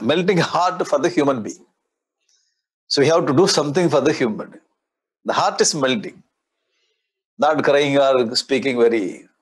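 A man's voice: mid-range voice, husky. A man with a Tamil-influenced Indian English accent gives a spiritual discourse as a swami, explaining Sanskrit verses line by line with playful mimicry.

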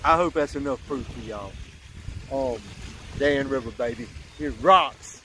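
A man vlogging from a riverbank at night, excitable and out of breath after a catch, saying "y'all" a lot. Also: mid-range voice, moderate pace, noisy background. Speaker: fishing vlogger. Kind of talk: excited outdoor vlog talk.

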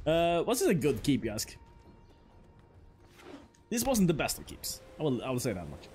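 A man's voice: a little high, wildly swooping pitch, moderate pace, pauses often, darkish tone, faint music behind. A man streaming a card game, chatting casually and joking as he plays. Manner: playful, joking, laughs often, mock-French asides. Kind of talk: casual gameplay commentary.

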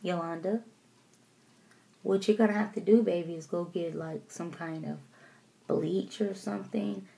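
A woman doing her calm, deep-voiced mom. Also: creaky. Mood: calm advice. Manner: slow, soft and low. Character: calm low-voiced mother giving advice.

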